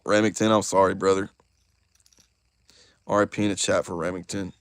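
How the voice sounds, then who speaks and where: A young man hosting a casual live stream, excitable and chatty, talking straight to his chat. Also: low-pitched, normal speed, long pauses, clean tone, no room sound. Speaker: YouTuber host of a live stream.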